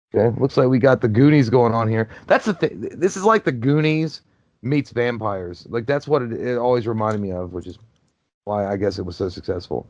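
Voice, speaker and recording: This movie commentary host's voice leans low yet sits in the middle range, with a darkish tone and no echo. He riffs on the film casually, loose, profane, and joking, and the dry, somewhat dull sound suggests a basic home mic.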